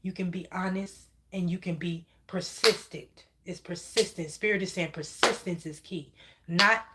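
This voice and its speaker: A woman's voice: on the low side, fairly even intonation, normal speed, very noisy. A woman giving a livestreamed psychic reading to viewers. She speaks emphatically, keeps checking in with "okay?", and curses when she gets heated. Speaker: spiritual reader channeling messages.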